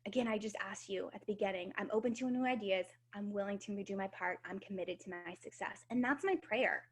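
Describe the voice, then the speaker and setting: A guest speaker, likely a woman in her thirties, gives a casual, upbeat motivational talk on a video team call, swearing now and then. Her voice is medium-pitched and a little fast.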